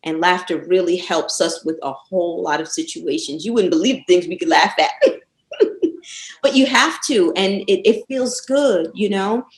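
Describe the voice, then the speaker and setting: A woman guest on a casual podcast interview, telling stories lively and laughing often. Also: fairly low pitch, moderate pace, reverberant, rough recording.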